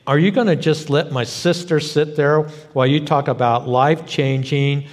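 A man's voice: mid-range voice, a little slow, a little mellow, breathy edge, long reverb tail. A man voicing Martha, a flustered, anxious woman busy baking, pleading in an exasperated rising voice.

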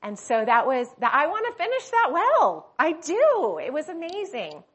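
A woman's voice: high-pitched, huge pitch swings, moderate pace, a bit bright. Emotional woman teaching a Bible study. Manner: emotional, personal storytelling with many restarts. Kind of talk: women's Bible study talk.

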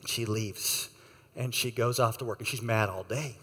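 A man preaching a sermon, telling a story with lively acted-out voices and asking the listeners questions. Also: mid-range voice, moderate pace, slightly rough, big-room sound. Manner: animated storyteller, acts out voices. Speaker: pastor.

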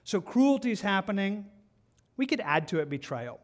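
A man's voice: high voice, very animated, normal speed. A man preaching an Easter-season sermon as pastor, in an earnest, conversational way, often repeating and restarting words.

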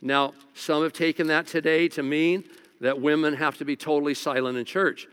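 A man's voice: a little high, flat delivery, normal speed, a bit bright, clean tone. A man who is a lead pastor preaching in a casual, joking way, often restarting his phrases, in a church. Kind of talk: conversational sermon. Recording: long reverb of a large hall.

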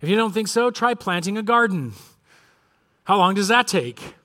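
A man's voice: sits high, lively intonation, moderate pace, sharp tone. A male pastor preaching a sermon in an earnest, emphatic way, drawing out key phrases.

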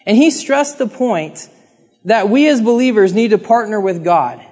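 Male preacher with a very high voice, earnest and chatty with the congregation, church hall reverb. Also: lively intonation, normal speed, darkish tone. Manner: earnest, conversational, acts out pleading prayers. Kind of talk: sermon.

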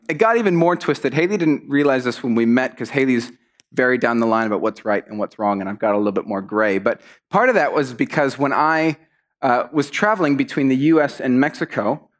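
A man giving a conversational sermon, telling stories in an animated way and acting out what people said. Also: medium pitch. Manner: storytelling, animated, acts out quotes. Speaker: preacher.

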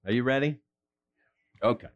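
A man leading a children's ministry session, relaxed and self-deprecating, with rambling asides. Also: medium pitch, moderate pace, dull audio. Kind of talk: casual children's church teaching.

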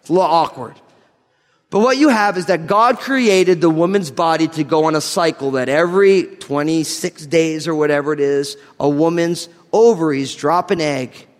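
A man from New Jersey preaching a sermon, mixing scripture reading with animated, joking stories and laughing through his lines. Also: fairly high pitch, moderate pace, in a large hall. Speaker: pastor. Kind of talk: sermon with humorous storytelling.

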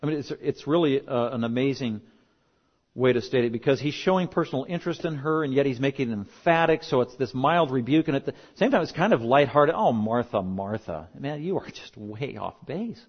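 Middle-aged pastor preaching emphatically. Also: male voice, medium pitch, quick pace. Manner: emphatic, conversational preaching with joking asides. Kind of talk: sermon. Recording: dull lo-fi recording.

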